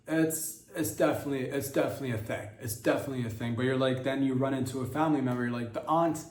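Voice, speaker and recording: A man's voice: mid-range voice, fairly even intonation, fairly quick, darkish tone, roomy sound, distant mic, slight background noise. A man hosting a comedy podcast, riffing in a rambling, crude monologue with mock-innocent asides.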